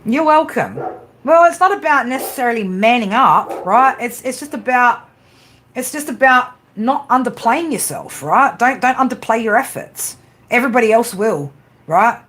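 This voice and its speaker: Blunt, swearing woman streamer, rather high voice. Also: lively intonation, normal speed, fairly bright tone, slight background noise. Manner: blunt, swears constantly, frequent tag questions. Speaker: tarot reader and livestream host. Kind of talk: casual livestream pep talk.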